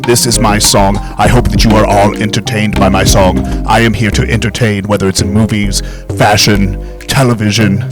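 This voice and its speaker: A man's voice: fairly low pitch, level tone, moderate pace, loud music behind the voice, pitched below the performer's own voice, close to an everyday voice. A man doing a mock impression of a boastful male movie star who brags about entertaining. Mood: pompous. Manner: pompous, grandiose.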